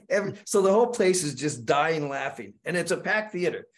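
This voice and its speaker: An animated man tells stories as a podcast guest, stumbling over repeated words and acting out what others said. His voice sits fairly high for a man. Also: moderate pace. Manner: animated, with many repeated words and acted-out quotes. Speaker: guest screenwriter. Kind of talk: casual storytelling on a podcast.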